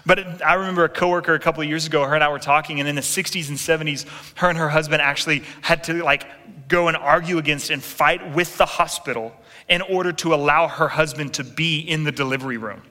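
Animated preacher in a big echoing hall. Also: male voice, fairly high pitch, quick pace. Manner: animated storytelling with acted quotes, asides to the congregation. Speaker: pastor. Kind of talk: sermon. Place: large church hall. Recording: long reverb in a big hall.

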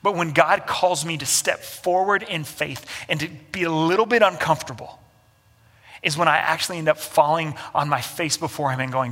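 Bright-voiced preacher in an echoey hall. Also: male voice, on the high side, normal speed. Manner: earnest, conversational, with restarts. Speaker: pastor. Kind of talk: sermon.

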